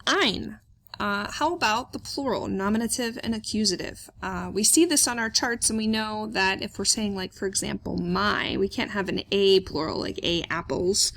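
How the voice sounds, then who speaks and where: A woman's voice: mid-range voice, normal speed, gravelly, fairly bright tone. Woman teaching German grammar. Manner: explains step by step, asks questions aloud and answers them, many "uh" fillers. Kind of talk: classroom grammar lecture.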